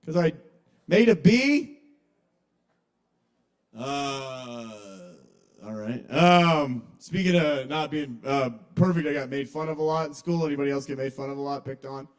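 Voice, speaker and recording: A young man doing casual, confessional stand-up comedy at an open mic in a kava bar, with sudden loud outbursts when he quotes people. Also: mid-range voice, normal speed.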